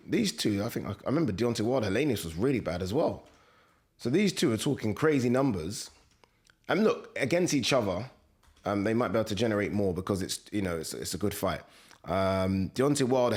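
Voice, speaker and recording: Blunt, exasperated man, lowish voice. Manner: blunt and exasperated, swears, asks rhetorical questions. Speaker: boxing commentator. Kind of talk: casual opinion vlog.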